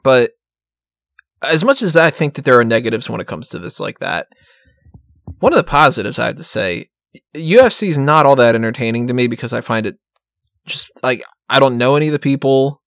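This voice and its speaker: Male podcast talker, rambling and profane, mid-pitched, dry recording. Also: expressive, brisk, vocal fry, fairly bright tone, no echo. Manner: profane, laughing often, rambling. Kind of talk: casual wrestling chat.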